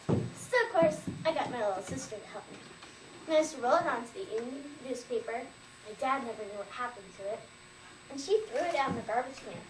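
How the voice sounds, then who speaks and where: A woman recites a lively story, dropping in frequent "like"s as she goes. Her voice sits high, and the room echoes around it. She is recorded from far off, with a faint background hum. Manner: lively storyteller, heavy use of "like". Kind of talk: storytelling recitation at a language fair.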